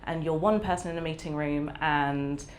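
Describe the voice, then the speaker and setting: A woman's voice: low voice, steady tone, normal speed, a little hiss or hum. A woman author, talking candidly and reflectively at a live event, with lots of fillers and easy laughter. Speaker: author guest. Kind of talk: candid conversational interview.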